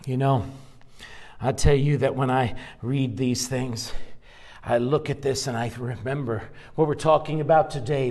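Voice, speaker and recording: A man preaching a sermon as pastor, talking to the congregation in a conversational way with asides and chuckles. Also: medium pitch.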